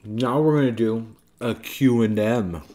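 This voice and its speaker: A man in his thirties hosting a family vlog, chatting gently and patiently with his child between bites of food. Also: medium pitch, a little slow. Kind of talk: casual family chat while eating.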